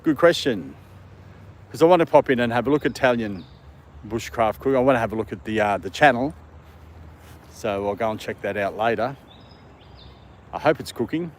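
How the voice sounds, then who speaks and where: An Australian man livestreams casually from a dog park, answering viewer comments and talking to his dog. His medium-pitched voice is expressive and brisk, with frequent pauses and a faint hiss or hum in the recording.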